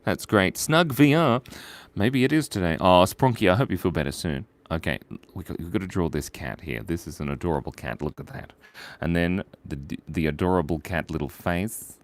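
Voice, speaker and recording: A man hosting a casual live drawing stream, playful and jokey, reading viewers' names and shout-outs aloud as he draws. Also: low-pitched, animated, normal speed.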